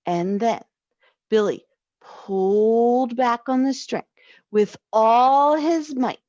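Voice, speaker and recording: A woman reading a children's story aloud, slow and expressive. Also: a little high, no room sound, dull audio. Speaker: story reader.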